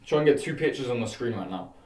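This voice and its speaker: In his self-improvement vlog, a young man with a medium-pitched voice guides viewers through posture drills in an easygoing, upbeat style.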